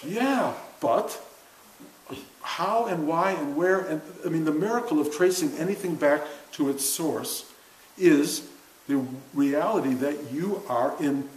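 An older man with a slightly high voice, teaching a seated class in an earnest, chatty way and laughing often. His voice rings in a roomy space, with a faint hiss underneath. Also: slow pace. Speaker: spiritual teacher. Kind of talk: informal spiritual talk to a class. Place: room with a seated audience.

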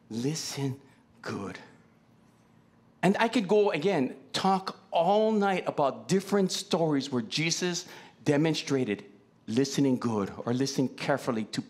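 Pastor, male; animated, very lively pitch, chatty Q-and-A preaching style. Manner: conversational, asks the congregation many questions. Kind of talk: sermon. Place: church.

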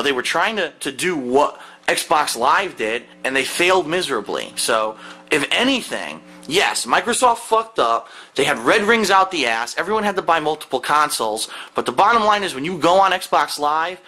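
Seated at home, a man with a high, bright voice rants angrily to camera, swearing in nearly every sentence. His pitch jumps around with heated exasperation, like a profane gaming-video tirade, and the recording quality is low.

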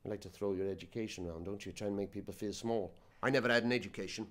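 An actor playing an older Irish film-star hellraiser who stammers, rambles and bristles at any slight, in a comedy sketch interview. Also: male voice, fairly low pitch, fairly even intonation, a bit bright, lightly acted. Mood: belligerent. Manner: stammering, rambling, quick to take offense. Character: aging boozy Irish film-star hellraiser, blustering and touchy.

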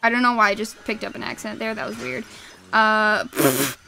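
A young woman chatting casually while streaming a game, excitable and quick to laugh, with sudden shrieks at the game. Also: medium pitch, creaky, very noisy. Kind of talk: casual gaming stream chat.

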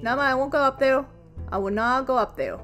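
A woman giving let's play commentary on a game she is playing, excitable, with loud exclamations, gasps and casual swearing. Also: sits high, fast. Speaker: gaming video creator. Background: faint game music.

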